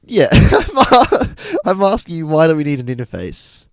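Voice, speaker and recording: A young man co-hosting a podcast, joking in animated casual banter. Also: on the high side, moderate pace, no echo, clean studio sound. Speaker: podcast co-host. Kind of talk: casual chat.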